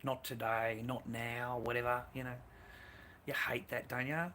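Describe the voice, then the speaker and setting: A man delivers a crude, profanity-laced ramble as a stream host. His voice is bright and forceful, with a mid-range pitch. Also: level tone, a little slow, slight background noise.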